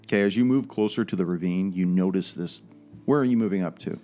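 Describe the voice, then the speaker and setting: Casting: man, lowish voice, dungeon master narrating a tabletop game, casual and descriptive, faint music under it. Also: fast, mellow.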